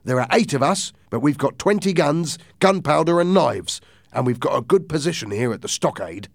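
A man's voice: fairly high pitch, animated, moderate pace, vocal fry, no echo, clean studio sound, pitched above the performer's own voice. A man voicing a stern, commanding ship captain who gives clipped orders in a raised voice.

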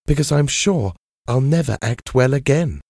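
A man reading a story, voicing a sweet, loving young woman who is an actress, with a soft, earnest manner. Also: medium pitch, lively intonation, normal speed, breathy edge, no room sound, clean studio sound, pitched above the performer's own voice.

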